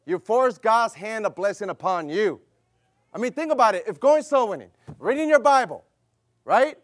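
A middle-aged male pastor with a strikingly high voice delivers a sermon in a fervent, repetitive cadence, piling up rhetorical questions. The sound is dry and close, with no room around it. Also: expressive, normal speed, no echo. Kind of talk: sermon with personal story.

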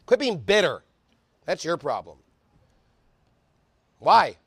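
High-pitched guy preaching a fired-up sermon, gets shouty sometimes. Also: big pitch swings, husky, dry recording. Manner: fervent preaching, rising to shouts; reads scripture aloud quickly. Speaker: pastor.

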